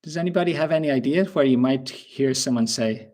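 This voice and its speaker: A man with an Irish accent teaching English in a webinar, explaining words slowly and patiently with examples. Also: medium pitch, darkish tone. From Ireland. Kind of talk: webinar lesson.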